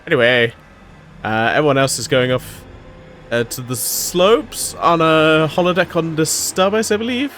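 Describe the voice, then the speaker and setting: A man's voice: on the high side, unhurried, a bit bright, faint music behind. A man giving a casual, rambling solo recap of a TV episode, full of fillers, restarts and swearing. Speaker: episode reviewer.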